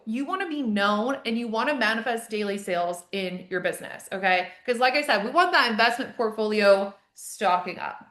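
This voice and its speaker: A young woman coach hosting a live online masterclass, gushing and energetic, swearing freely. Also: a little high, brisk, hardly any pauses. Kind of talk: hyped live-stream pep talk. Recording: echoey room.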